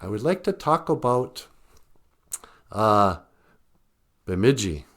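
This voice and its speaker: A man's voice: lowish voice, big pitch swings, takes it slowly, a bit bright. A man from Minnesota, hosting a show in a casual joking monologue, rambling and chuckling often. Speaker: show host.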